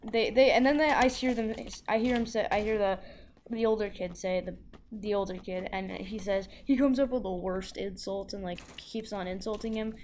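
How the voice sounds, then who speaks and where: A woman tells a story in a loose, rambling way, with lots of "like" and false starts. Her voice sits at an ordinary middle pitch. A faint hiss runs underneath. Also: fairly even intonation, moderate pace, a little mellow. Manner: rambling, full of "like" and restarts. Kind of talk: casual storytelling.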